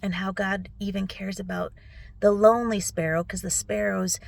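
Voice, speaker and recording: A tearful middle-aged woman recording a personal video recap on her phone, speaking softly and often dropping to a whisper. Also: medium pitch, level tone, normal speed, gravelly. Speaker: vlogger. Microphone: phone selfie video.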